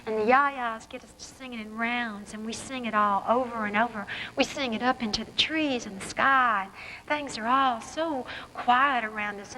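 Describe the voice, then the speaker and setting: Woman author reading aloud, bright and fairly high, echoey college hall. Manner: vivid first-person storytelling. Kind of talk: reading her fiction aloud. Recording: reverberant hall, faint background noise.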